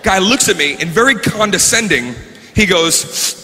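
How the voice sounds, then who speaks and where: Male stand-up, fairly high, lively delivery with shouted bursts, live stage recording. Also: unhurried, soft background music. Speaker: stand-up comedian. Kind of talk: stand-up comedy set. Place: comedy stage before an audience. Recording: live show recording, reverberant hall, faint room noise.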